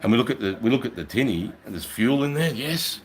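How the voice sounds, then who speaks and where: An Australian man, a middle-aged army veteran, telling war stories on a live stream in a casual, profane, animated way. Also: medium pitch, quick pace, slight background noise, rough recording. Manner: profane, animated, acts out voices. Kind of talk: casual storytelling.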